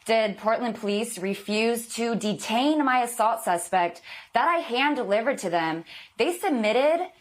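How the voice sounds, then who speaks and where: A female reporter on a TV interview, speaking forcefully and with a sense of grievance. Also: on the high side. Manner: aggrieved, forceful. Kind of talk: TV news interview.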